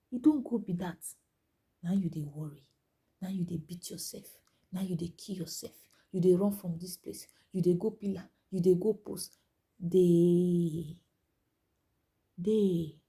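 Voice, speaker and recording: A woman speaking Nigerian Pidgin in a motivational monologue, urging listeners with repeated phrases, rising to loud emphasis and dropping to hushed whispers. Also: mid-range voice, breathy edge. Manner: exhorting, repetitive, swings between loud emphasis and hushed whispers.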